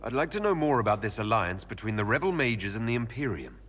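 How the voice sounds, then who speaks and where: A direct, plain-spoken hero. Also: male voice, on the low side, big pitch swings, fast, fairly bright tone, a little hiss or hum. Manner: direct, questioning. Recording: game audio with faint ambience.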